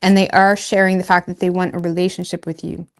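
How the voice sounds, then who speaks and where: A woman's voice: fairly low pitch, little pitch movement, quick pace. A woman giving a casual tarot reading, chatty and loose, laughing at herself and filling her talk with "like" and "you know". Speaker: tarot reader.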